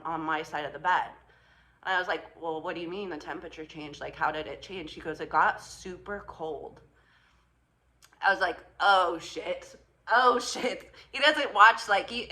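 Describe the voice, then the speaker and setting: A woman's voice: on the low side, sharp tone. A woman vlogger casually telling a story to her viewers, chatty and swearing, often quoting her partner and laughing. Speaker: spiritual vlogger.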